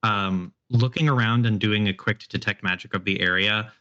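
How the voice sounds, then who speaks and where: A man running a tabletop horror game as game master, describing scenes in a relaxed way with many fillers. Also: on the low side, moderate pace, highs cut off.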